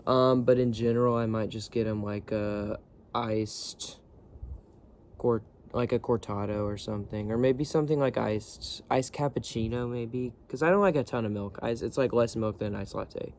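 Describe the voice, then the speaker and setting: A man's voice: mid-range voice, moderate pace, darkish tone. A young man rambles casually to the camera from his bunk, laid-back and full of slang. His voice sits in a middling range, with a faint hum behind it. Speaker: vlogger. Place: bunk bed area indoors.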